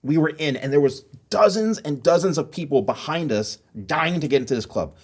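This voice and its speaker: Animated middle-aged storytelling man. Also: a little high, brisk, breathy edge. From New Jersey. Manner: animated storyteller who acts out voices in his anecdotes. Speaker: podcast host. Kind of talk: casual storytelling chat.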